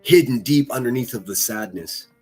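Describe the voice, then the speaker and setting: A man's voice: mid-range voice, animated, moderate pace, a little mellow, husky, faint music behind. A man hosting a livestream, reacting to clips with mocking, profane, sarcastic commentary.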